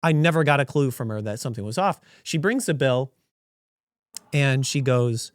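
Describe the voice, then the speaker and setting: Animated man telling a rambling story. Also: medium pitch, normal speed, dry recording. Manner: animated, rambling, self-correcting. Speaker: podcast host. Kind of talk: casual storytelling.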